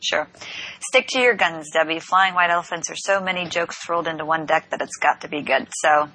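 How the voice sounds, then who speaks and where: Bright playful woman podcast co-host. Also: low-pitched, a little fast, a little hiss or hum, rough recording. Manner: playful, mock-indignant. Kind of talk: casual chat.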